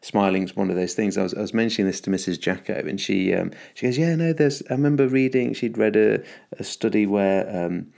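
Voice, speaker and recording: Upbeat podcast host, very low voice with gravelly fry, rambling and full of ums. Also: male voice, little pitch movement, a little fast, darkish tone. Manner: rambling, upbeat, many fillers and restarts. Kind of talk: casual solo podcast monologue.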